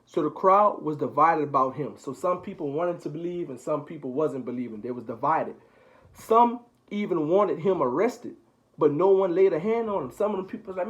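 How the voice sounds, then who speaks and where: A man's voice: fairly high pitch, brisk, poor audio. Man casually explaining scripture. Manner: paraphrases scripture in relaxed slang. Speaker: older brother leading Bible study. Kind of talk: casual Bible reading and explaining.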